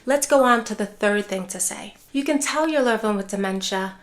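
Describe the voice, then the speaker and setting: A woman dementia care educator giving a calm, measured talk with reassuring example phrases. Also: medium pitch. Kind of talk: scripted educational talk to camera.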